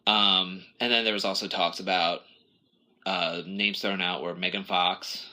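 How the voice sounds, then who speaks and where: A man's voice: low voice, steady tone, a little slow, sharp tone. A man co-hosting a podcast in casual chat, rambling and correcting himself as he acts out quotes. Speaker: podcast co-host.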